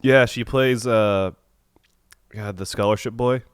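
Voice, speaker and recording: A young man with a head cold and a nasal voice, chatting casually as a podcast co-host with halting restarts. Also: fairly low pitch, fairly even intonation, smooth, dry recording, clean studio sound. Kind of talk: casual chat.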